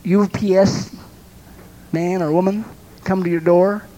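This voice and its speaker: A man who is a pastor and counselor preaches a sermon, telling lively stories that act out little scenes with sound effects and laughter between points. His voice is high-pitched and his pace measured, and the recording is rough.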